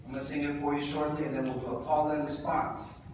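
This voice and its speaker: A man with a fairly high voice speaks to a crowd in a big echoing hall, heard from some distance from the mic. He jokes and calls out to the audience like a preacher, and there is steady noise in the background. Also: quick pace. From Pacific Islander. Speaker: speaker at community event. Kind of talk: public speech to an audience. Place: large indoor hall with audience.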